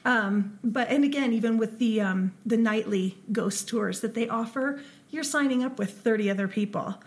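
A woman's voice: fairly high pitch, normal speed. A woman from Ohio, co-hosting a podcast and telling paranormal stories in casual chat, with frequent ums. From Ohio, USA. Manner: chatty storyteller with frequent ums and laughs. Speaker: podcast co-host.

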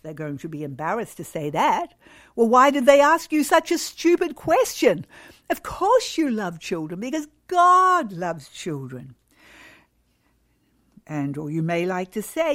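A woman's voice: on the high side, sing-song, unhurried, a bit bright. A woman giving a devotional talk to mothers, exhorting and emphatic, acting out cheerful replies to strangers. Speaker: speaker addressing mothers.

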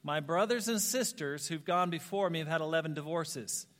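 High-voiced man preaching in a reverberant hall. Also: normal speed. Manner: animated, self-mocking storyteller who laughs at himself. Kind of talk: storytelling sermon. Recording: long reverb of a large hall.

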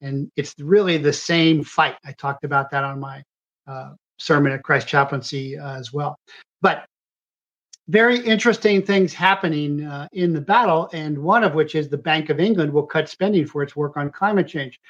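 A man hosting a live political commentary show, rambling in a halting way with constant uh and um fillers and self-corrections. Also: fairly high pitch, fairly bright tone, dull audio. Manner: halting delivery full of uh and um fillers.

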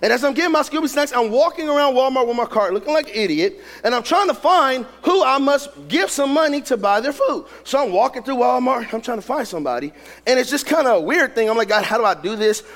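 A man preaching a sermon, telling a story in an animated way with repetition and humor. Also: extremely high pitch, fast. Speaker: pastor. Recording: long reverb of a large hall.

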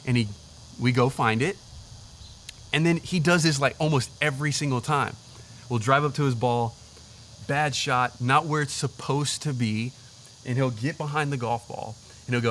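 A young man, a pastor, giving a casual, conversational sermon in an animated, chatty way, often saying "like" and "literally.". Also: medium pitch, moderate pace, a little hiss or hum.

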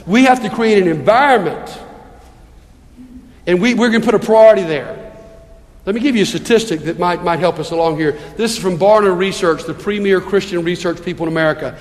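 A man's voice: high voice, a little fast. A man preaching a sermon as a pastor in a church, earnest and pleading, full of rhetorical questions. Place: church sanctuary. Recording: long reverb of a church hall.

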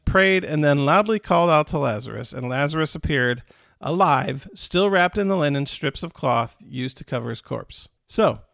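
A man's voice: fairly high pitch, gravelly, no echo, clean studio sound. A man preaching in a conversational way, retelling scripture in everyday words and often restarting or repeating himself. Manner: acts out quoted characters with a raised voice. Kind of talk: conversational Bible teaching.

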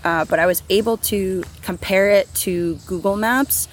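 A woman's voice: medium pitch, a little slow, a little hiss or hum. A woman co-hosting a true crime podcast, reading the case as a script and then chatting loosely about it with many restarts. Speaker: podcast co-host.

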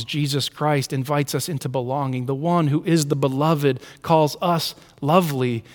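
Guy pastor preaching, kinda high voice, long hall echo, goes real soft and hushed on the tender bits. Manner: earnest, dropping to soft near-whispers for tender lines. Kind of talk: sermon.

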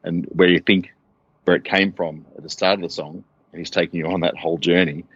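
A man co-hosting a casual album discussion, speaking in a measured, thoughtful way with some fillers. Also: sits low, fairly even intonation, fairly bright tone, breathy edge, no echo, dull audio. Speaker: podcast co-host.

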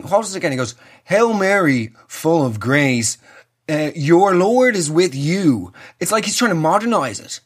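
A man's voice: high voice, a bit bright, husky. A young Irish man telling a comic story with sweary, exasperated ranting. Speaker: comedian.

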